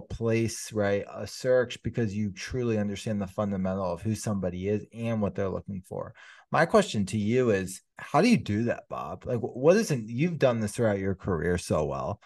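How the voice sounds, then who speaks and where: A man's voice: lowish voice, animated, moderate pace, darkish tone, no echo. A man hosting an interview, asking reflective questions with frequent fillers. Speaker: podcast host.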